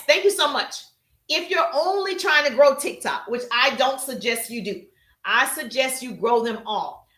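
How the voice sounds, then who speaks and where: A woman teaching social media business strategy on a live stream, energetic and emphatic, calling out to viewers in the chat. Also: sits high, roomy sound.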